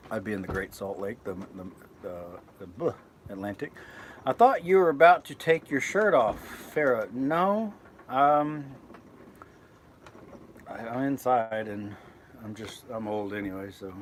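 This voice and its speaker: In a casual live stream from his boat, a man with a medium-pitched voice reads viewer comments aloud and chats in a rambling way, often correcting himself. Slight background noise is audible.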